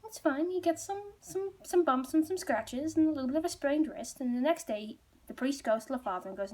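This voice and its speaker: A woman's voice: high-pitched, expressive, brisk, hardly any pauses, warm tone. A woman storyteller retelling a folk tale casually, chatty and rambling, with many asides.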